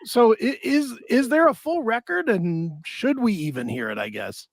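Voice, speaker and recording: A man co-hosting a casual music podcast interview, animated and asking questions with hesitant restarts. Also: very high-pitched, normal speed, vocal fry, no room sound. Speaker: podcast co-host.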